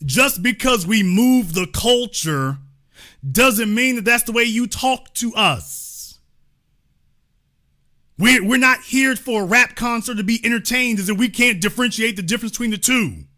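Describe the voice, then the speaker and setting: A man's voice: extremely high pitch, measured pace, bright, forceful tone. A man hosting political commentary, talking in a sarcastic, indignant, heated way. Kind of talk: opinion commentary.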